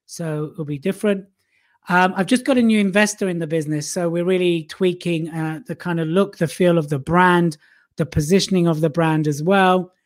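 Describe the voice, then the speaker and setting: A man's voice: sits high, steady tone, normal speed. A man guesting on an interview, a public speaking coach who talks chattily, mocks himself and laughs often. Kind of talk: casual interview chat.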